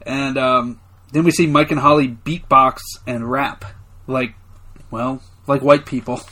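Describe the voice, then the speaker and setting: A man's voice: mid-range voice, steady tone, pushed and bright. A man co-hosting a podcast, recapping episodes in casual chat and laughing often. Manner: laughs often, quick to joke. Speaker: podcast co-host.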